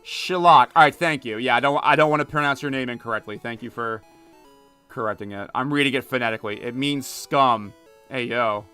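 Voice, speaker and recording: A young man from Philadelphia chats loosely with his stream audience in a bright, crisp, clear voice, full of "um"s and restarts. Soft game music plays faintly underneath. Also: mid-range voice. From Philadelphia area, United States. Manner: chatty, rambling, many fillers and restarts. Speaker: gaming streamer. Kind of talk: casual live-stream chat while playing.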